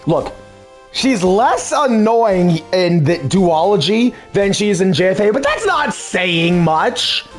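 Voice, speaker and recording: A young man hosting a let's play, giving casual, excitable commentary and swearing as he rants. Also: high-pitched, takes it slowly, soft background music. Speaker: let's play host dubbing a game.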